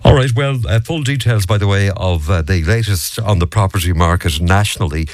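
An Irish man hosting a radio phone-in, brisk and quick to push back on callers. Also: sits low, no room sound.

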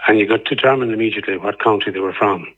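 A man's voice: fairly low pitch, racing, breathy edge. An Irish man calling in to a radio show, earnest and hesitant, with many ums as he makes his case. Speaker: radio caller. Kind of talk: phone-in opinion. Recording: tinny phone line.

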